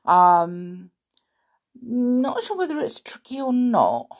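A woman hosting a storytelling show, croaky from a sore throat, chatting playfully to young listeners. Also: a little high, slow pace. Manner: playful, animated, with gasps and little laughs.

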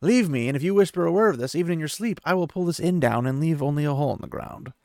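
A man's voice: a little high, lively intonation, quick pace, darkish tone, dry recording, studio quality, voice pushed up. A man voicing a stern, commanding sorceress who speaks in a hard, precise way, in a retold fantasy story. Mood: threatening.

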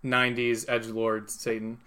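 A man's voice: mid-range voice, completely flat delivery, normal speed, sharp tone. Laughing casual male game master. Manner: casual, laughing, many fillers. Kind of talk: narrating a tabletop game.

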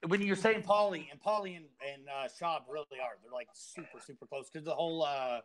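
A man's voice: a little high, fairly quick, a crowd in the background. A man in casual podcast chat, laid-back and joking, who keeps repeating his phrases.

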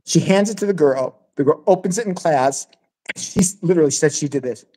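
A man's voice: fairly high pitch, a little fast, rough recording. A man hosting a podcast, telling a story in a loose, profane way and acting out the voices. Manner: profane, animated, acts out voices in stories. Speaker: podcast host. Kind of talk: casual storytelling chat.

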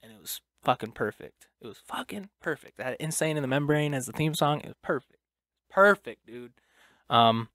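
A man's voice: mid-range voice, a bit bright, no echo. A young man hosting a casual solo podcast, talking loosely with lots of fillers and swearing. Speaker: podcast host.

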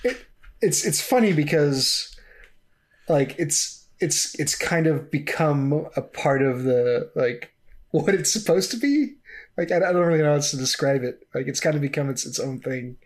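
Halting, laughing man in casual chat. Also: fairly high pitch, expressive. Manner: halting, many restarts, laughs often. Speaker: podcast co-host.

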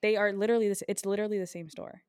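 A woman's voice: mid-range voice, steady tone, a little mellow, smooth, dry recording, studio quality. A woman, co-hosting a casual podcast in a teasing, chatty way. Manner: quick, chatty, teasing, many fillers. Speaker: podcast co-host. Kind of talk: casual chat.

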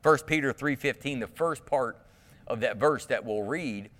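Man, pastor, sermon, mid pitch, questions to the congregation, long hall reverb. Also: moderate pace, a bit bright. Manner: conversational preaching with rhetorical questions and restarts.

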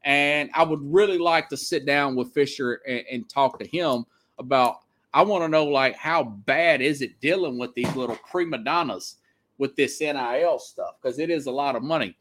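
A man's voice: medium pitch, normal speed, fairly bright tone. A man, hosting a sports talk show and giving a rambling, opinionated monologue.

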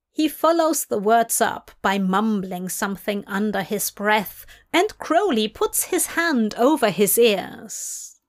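A woman narrates a story in a slow, unhurried, even manner. Her voice sits on the higher side, and she takes her time with each phrase. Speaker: fanfiction reader.

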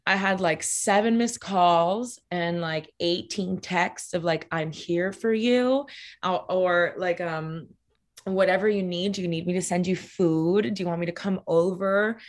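A woman's voice: fairly low pitch, steady tone, measured pace. A young adult woman telling personal stories in casual talk, candid and full of "like" fillers and swearing, acting out quoted lines.

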